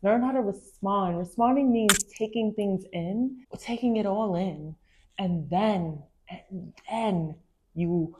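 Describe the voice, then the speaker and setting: A young woman hosting a podcast, reading a book aloud and reacting to it in an animated, emphatic way, with slang and repeated phrases. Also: medium pitch, slow pace, slight background noise. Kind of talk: casual chat mixed with reading aloud.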